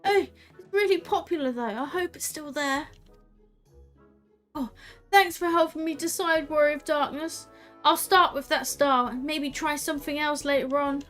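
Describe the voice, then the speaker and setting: A woman voicing an eager, excited young child. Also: sits high, moderate pace, faint music behind. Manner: eager, earnest.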